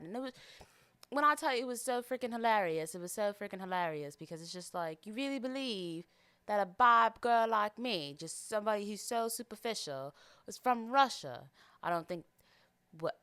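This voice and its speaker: A woman's voice: mid-range voice, bright, forceful tone, smooth, no room sound. A young American woman hosting a solo podcast, chatting casually in a put-on British accent and rambling with lots of fillers. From United States. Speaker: podcast host.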